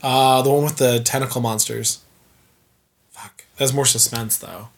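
A man talking casually as a co-host at a middling pitch. He rambles, trails off mid-thought and swears easily. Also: steady tone, measured pace, creaky. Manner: rambling, loose, fills with "like" and swears. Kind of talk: casual chat.

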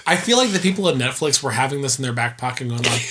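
A man talking casually as a co-host at a middling pitch. He rambles, trails off mid-thought and swears easily. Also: expressive, fast talker, fairly bright tone. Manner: rambling, loose, fills with "like" and swears. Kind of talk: casual chat.

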